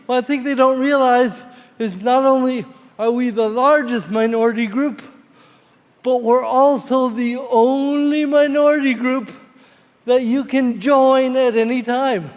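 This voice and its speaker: A man doing a self-mocking stand-up set in a deadpan, punchy way, on a theater stage before a live audience. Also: very high-pitched, a little slow. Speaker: stand-up comedian. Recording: reverberant hall with loud crowd noise.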